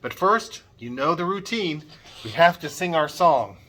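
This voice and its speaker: A middle-aged man leads a children's church music lesson, upbeat and coaxing as he models sounds for the kids. His voice is a little high and a bit bright, animated, at a moderate pace.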